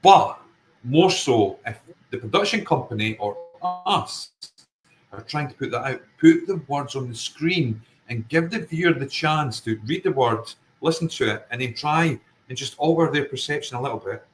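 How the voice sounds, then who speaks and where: A man's voice: mid-range voice, lively intonation, normal speed, low-quality recording. A Scottish man with a Fife accent, a paranormal investigator guest talking earnestly and emphatically in a casual interview, often circling back to his point. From Scotland.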